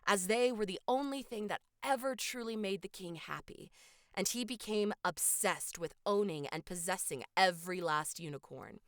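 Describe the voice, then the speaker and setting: A woman co-hosting a podcast, recapping a film's plot in a casual, animated storytelling way. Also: mid-range voice, no room sound, clean studio sound. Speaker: podcast co-host. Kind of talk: casual film recap chat.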